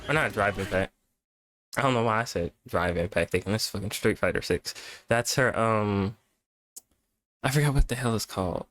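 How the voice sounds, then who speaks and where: A man's voice: on the low side, moderate pace, a bit bright, faint music behind. A young man hosting a casual reaction video, rambling and profane, tired from staying up. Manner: rambling, profane, laid-back. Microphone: webcam setup at home.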